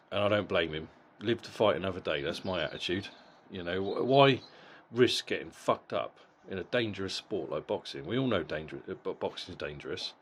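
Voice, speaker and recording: A man's voice: low-pitched, a bit bright, slight background noise. A middle-aged man giving a casual, blunt boxing fight review, swearing freely and often repeating words as he goes. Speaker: boxing vlogger.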